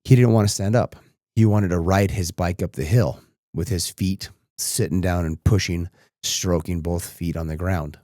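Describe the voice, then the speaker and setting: A man's voice: deep voice, fairly even intonation, moderate pace, mellow, dry recording, clean studio sound. A man in his thirties hosting a podcast, telling a personal story in a reflective way that turns emotional and tearful. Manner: reflective, becomes emotional and tearful while recounting. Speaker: podcast host.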